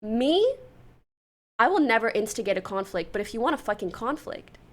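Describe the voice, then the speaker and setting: A young woman streaming casually, telling a story in a chatty, animated way and swearing freely. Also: on the high side, normal speed. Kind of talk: casual livestream chat.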